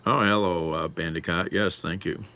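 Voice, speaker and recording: A man's voice: deep voice, fairly even intonation, moderate pace, sharp tone. A man live streaming while eating lunch, chatting casually and wryly answering comments from chat.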